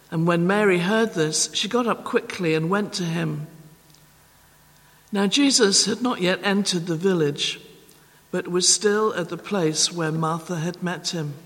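A man reading scripture at a church service in a measured, careful way. His voice sits high and his pace is slow and deliberate. A long hall reverb hangs on each phrase. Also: a bit bright. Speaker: scripture reader. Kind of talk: Bible reading.

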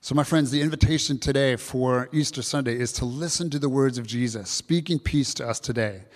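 A man's voice: medium pitch, a little fast, long reverb tail. A man preaching an earnest Easter sermon to his congregation, often repeating key phrases. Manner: earnest, repetitive preaching, addresses kids and congregation. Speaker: pastor.

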